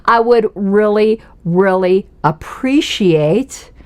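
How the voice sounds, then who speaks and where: A woman's voice: mid-range voice, animated, takes it slowly. Chatty, laughing woman streamer. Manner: chatty, laughs often, self-mocking. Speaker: political commentary livestream host. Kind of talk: casual livestream commentary.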